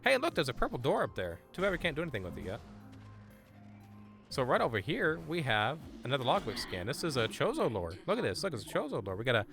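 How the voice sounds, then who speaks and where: A man streaming a game live, chatting excitably with viewers and stammering over his words. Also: medium pitch, quick pace, creaky, over music. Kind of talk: live gameplay stream chat.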